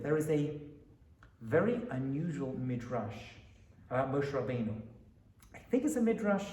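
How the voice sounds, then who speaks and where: A rabbi lectures with a high, lively voice that swings up and down as he keeps asking his audience questions. He sounds set back from the mic, and the room around him echoes. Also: far from the mic, a little hiss or hum. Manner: animated, asks the audience questions.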